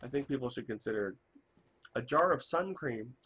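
A man streaming a game, chatting in a rambling, self-interrupting way while hoarse from a cold. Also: medium pitch, animated, normal speed, fairly bright tone, muffled recording. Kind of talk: casual chat while gaming.

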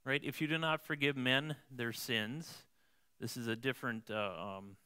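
This male pastor preaches by reading scripture and unpacking it in a conversational way at church, frequently ending lines with "right?" to check in with listeners. His voice is mid-range, steady, a little slow, pushed and bright, yet clear and resonant.

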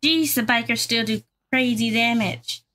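A woman giving casual gameplay commentary, chatting to her viewers and getting excitable during fights. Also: fairly high pitch, unhurried. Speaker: gaming YouTuber.

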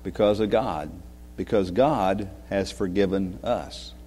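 Guy pastor doing a kids sermon, gentle and chuckly, long church echo around him. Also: deep voice, takes it slowly, husky. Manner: gentle, questioning, chuckles often. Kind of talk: children's sermon. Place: church sanctuary. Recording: long reverb of a church sanctuary.

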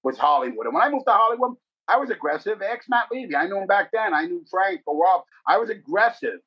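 A middle-aged man with a New York accent, from the Bronx, telling rapid, profane, animated stories in a casual interview. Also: high voice, slightly rough. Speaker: guest actor. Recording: dull lo-fi podcast audio.

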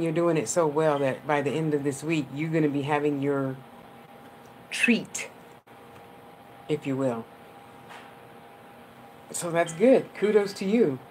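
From a room at home, a woman medium livestreams a psychic reading in a low, slightly mellow voice. She rambles affectionately and laughs often, with faint noise humming underneath.

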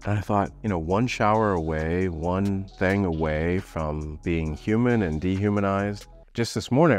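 Deep-voiced middle-aged man telling a story. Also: no echo, clean studio sound. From United States. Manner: conversational, acts out quoted voices with raised pitch. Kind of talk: personal storytelling.

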